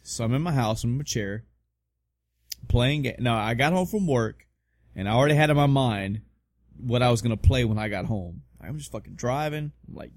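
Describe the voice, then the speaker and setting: A man's voice: mid-range voice, expressive, moderate pace, no echo, studio quality. A man co-hosting a casual podcast, rambling and swearing with self-mocking humor. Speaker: podcast co-host. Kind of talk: casual chat.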